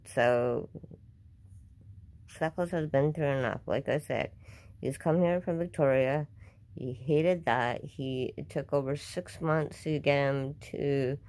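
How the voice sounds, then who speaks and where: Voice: medium pitch, darkish tone. An upset vlogger talks casually to camera at home, defensive and repeating themselves.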